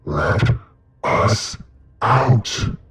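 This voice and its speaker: A man voicing a chorus of trapped, demonic movie characters, yelling in a deep, drawn-out voice. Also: expressive, reverberant, distant mic, exaggerated voice.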